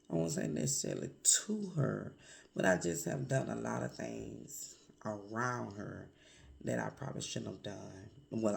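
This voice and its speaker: A woman vlogger with a hoarse voice from a cold, speaking candidly and reflectively in a confessional vlog, with many pauses and fillers. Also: extremely low pitch.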